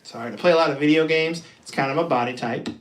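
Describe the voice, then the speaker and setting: A young male comedian works through a live-streamed stand-up set in a casual, self-deprecating way, often breaking into laughter. His voice sits a little high for a man, and the audio carries a noticeable room echo. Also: quick pace. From Pacific Northwest of the US. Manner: self-deprecating, conversational, laughs between jokes.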